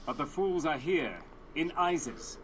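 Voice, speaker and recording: A man's voice: a little high, animated, measured pace, a loud crowd. An actor playing a dutiful officer reporting to his general in a video game cutscene, formal and urgent.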